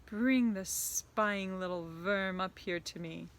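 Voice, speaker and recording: A woman reading a storybook aloud voices a shrill, bossy female witch leader who screams orders at her followers. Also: slow. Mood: gloating. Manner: screeching orders. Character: shrill commanding female Grand High Witch.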